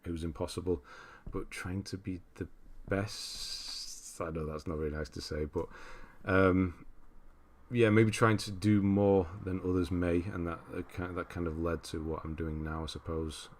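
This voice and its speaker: A livestream host with a deep, low-pitched voice rambles easily in a casual stream, reading viewer comments aloud and answering them as he goes. His tone stays level and unhurried.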